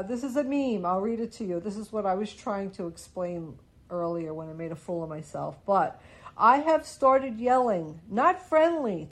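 A woman's voice: lowish voice, darkish tone. A woman hosting a radio show in casual chat, rambling and stopping to correct herself with small chuckles.

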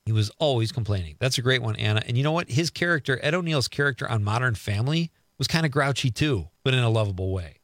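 A middle-aged male radio host who reads listener texts aloud and comments on them in a loose, chatty way. His pitch swings up and down a lot as he talks. The sound is dry and close, with little room around it. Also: expressive, fast, hardly any pauses, no echo. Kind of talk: casual radio chat reading listener texts.

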